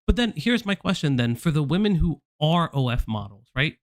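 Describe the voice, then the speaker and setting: A man's voice: fairly high pitch, very animated, normal speed, no room sound, studio quality. A man hosting a commentary stream, lecturing in a heated, profane way. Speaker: stream host.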